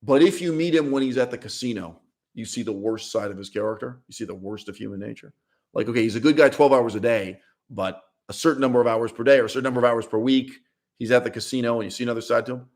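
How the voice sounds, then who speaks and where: A man's voice: medium pitch, quick pace, darkish tone. Blunt, emphatic man ranting on a stream. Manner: emphatic, blunt, laughs mid-sentence, repeats words. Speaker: language channel host. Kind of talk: opinionated livestream monologue. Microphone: streaming setup mic.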